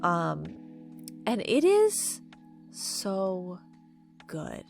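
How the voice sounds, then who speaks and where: A woman chatting casually to camera while ranking movies, gushing and filling pauses with "um" and "like". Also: medium pitch, animated. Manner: chatty, gushing, many fillers. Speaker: video creator ranking movies. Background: faint background music.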